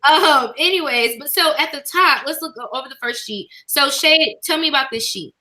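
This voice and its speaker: Woman host, casual chatter, high-pitched and bright, emotional and laughing. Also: moderate pace, rough recording. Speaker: YouTube host. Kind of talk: casual chat.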